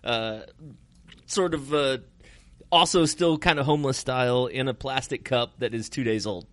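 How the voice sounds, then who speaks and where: A man's voice: medium pitch, normal speed, no room sound. A man co-hosting a casual podcast chat, telling stories with lots of laughter and acted-out quotes. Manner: animated storyteller, laughs a lot, acts out quotes. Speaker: podcast co-host, magician.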